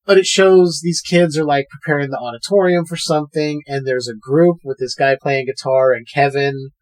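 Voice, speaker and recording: Casting note: male podcast host, fairly high voice, loose and chatty, swears freely while recapping. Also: normal speed. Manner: animated retelling, swears freely. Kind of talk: casual movie recap chat.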